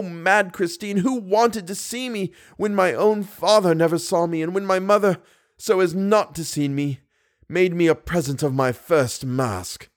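A man voicing a hideous masked phantom who swings between roaring and low hissing, in an audiobook reading. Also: lightly acted.

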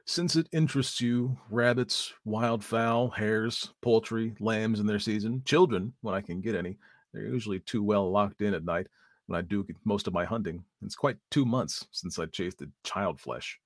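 A man voicing a strange wild teenage boy who speaks slowly and quietly, relishing his words with lazy menace. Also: fairly low pitch, dry recording, clean studio sound.

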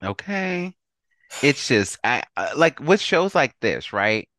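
Deep-voiced guy on a podcast, bright edge, emphatic, kinda preachy, dry close sound. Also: sing-song, slow, dry recording. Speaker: podcast guest. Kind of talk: casual chat.

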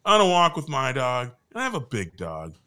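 A man's voice: medium pitch, huge pitch swings, normal speed, sharp tone, clean tone. A man co-hosting a comedy podcast, telling rambling stories in casual chat with lots of restarts. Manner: rambling storyteller with many restarts. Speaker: podcast co-host.

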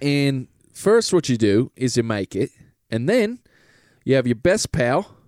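A man's voice: mid-range voice, big pitch swings, measured pace, a little mellow, no room sound, clean studio sound. A man voicing a pushy male salesman, with chummy sales patter. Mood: salesy. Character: brash British male salesman pitching a product.

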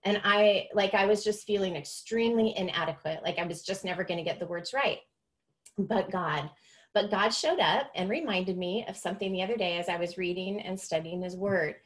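A woman's voice: mid-range voice, moderate pace. Earnest woman sharing her faith. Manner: earnest, confessional. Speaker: podcast host. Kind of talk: personal faith testimony podcast.

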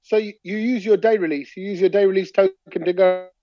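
A man co-hosting a podcast from home, chatting casually and telling animated, slangy stories while laughing through his words. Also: high-pitched, a little fast, no room sound. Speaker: podcast co-host. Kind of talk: casual chat. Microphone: talking into a phone over a video chat. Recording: muffled phone-mic audio.

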